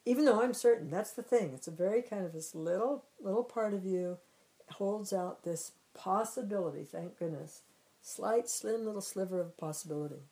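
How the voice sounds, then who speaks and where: A woman giving a spiritual teaching talk in a relaxed, conversational way, often repeating herself and saying "you know". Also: fairly low pitch, normal speed, low-quality recording.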